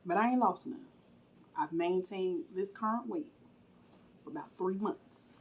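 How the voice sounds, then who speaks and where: A woman hosting a mukbang video, chatting casually and straight to her viewers between bites, pausing to chew and hum approvingly. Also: on the low side, slightly rough. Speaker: mukbang host. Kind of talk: casual chat while eating on camera.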